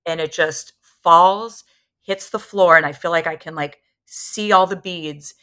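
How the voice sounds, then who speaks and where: Woman guest, 30s, low voice with a bright, forceful edge, candid animated storyteller. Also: a little slow. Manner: candid, animated retelling that acts out what others said. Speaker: podcast guest. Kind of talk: personal storytelling in a conversation.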